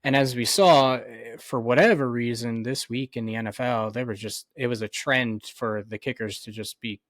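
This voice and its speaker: A man co-hosting a sports podcast in casual chat, measured and full of "um" and "you know". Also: medium pitch, a bit bright, no echo, studio quality. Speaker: podcast co-host.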